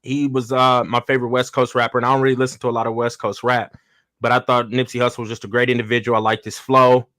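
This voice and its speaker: A man's voice: medium pitch, level tone, quick pace, a bit bright, dry recording. Laid-back male podcast co-host, dry sound. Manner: laid-back, slangy, repeats himself. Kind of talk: casual chat.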